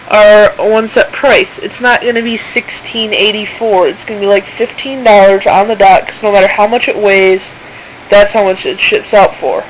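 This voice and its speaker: A woman's voice: mid-range voice, a little hiss or hum, poor audio. A woman in casual screen-recording commentary who talks informally and indignantly and reads messages aloud. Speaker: channel owner exposing a seller.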